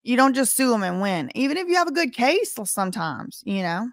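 A woman's voice: a little high, big pitch swings, brisk, no room sound, clean studio sound. A woman commenting skeptically on a live stream, weighing claims and mocking what she doubts.

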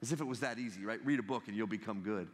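A man in his thirties giving a humorous talk as a guest speaker, telling stories in an animated way and laughing often. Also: lowish voice, rapid-fire. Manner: animated storytelling with frequent laughter. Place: large university lecture hall. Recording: long hall reverb.

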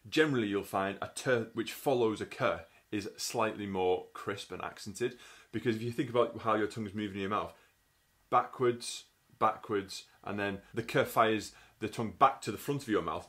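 A man with a fairly low voice takes listeners through a brass lesson step by step. He explains each point methodically and sounds out the syllables as he goes. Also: brisk, fairly bright tone. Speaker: brass teacher. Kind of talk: instructional tutorial.

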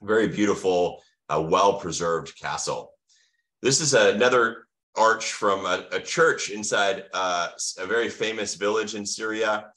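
Deep-voiced American man lecturing. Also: a little slow, bright, forceful tone. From United States. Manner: enthusiastic teacherly, asks questions then answers. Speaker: medical lecturer. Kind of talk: online lecture with slides.

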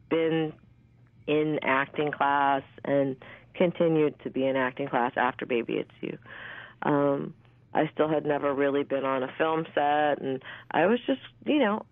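A woman in her fifties, an actress, telling stories in a candid, animated way with plenty of fillers and the odd swear word. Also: sits low, no echo. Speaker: actress and interview guest. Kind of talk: casual storytelling interview. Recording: tinny dry phone line.

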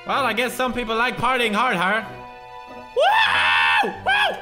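A man with a Swedish accent, a native Swedish speaker, giving gaming commentary, raging, swearing and yelling at the game. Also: very high voice, fairly even intonation, a little fast. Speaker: gaming video creator. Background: game music.

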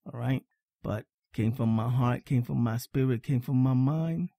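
This is a man hosting a sports fan podcast, his voice deep-toned, mellow and husky. He talks emphatically, repeating his points and often asking "all right?" The sound is dry and close. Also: a little slow, dry recording. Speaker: podcast host. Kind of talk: casual sports fan monologue.

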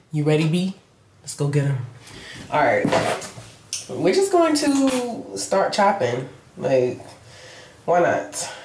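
A young woman who vlogs about beauty talks chattily to camera from inside her home, calling her viewers "y'all." She has a lowish voice, and the recording is roomy with a faint hiss of noise.

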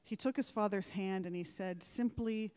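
Speaking at normal speed in a mid-range voice with a dark, clean tone, a woman delivers a formal ceremonial commencement speech. She engages listeners through anecdotes and rhetorical questions, and the large ceremony hall gives the audio a strong echo.

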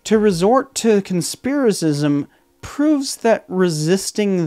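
A man hosting a history channel, giving scripted narration with a deliberate, emphatic delivery. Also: a little high, expressive, a little mellow.

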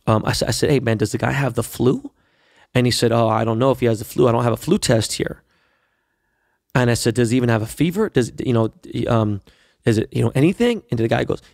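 A man's voice: medium pitch, quick pace, gravelly, dry recording, clean studio sound. A man hosting a podcast, telling a long profane story in casual monologue and acting out the dialogue as he goes. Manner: profane, animated retelling with quoted dialogue. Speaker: podcast host.

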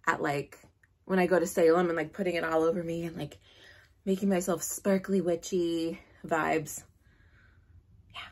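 A woman hosting a casual unboxing vlog, gushing and excitable, with gasps and squeals. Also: fairly low pitch, vocal fry, slightly rough. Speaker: vlogger host.

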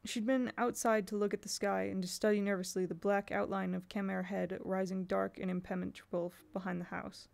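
A woman's voice: mid-range voice, level tone, fairly quick, vocal fry, hardly any pauses, a little mellow. A woman reading a novel aloud in a casual way, now and then stopping to correct herself. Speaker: audiobook reader.

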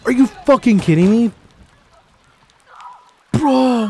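A gamer giving live gameplay commentary in exasperated, profane outbursts. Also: male voice, a little high, sing-song, quick pace, slight background noise.

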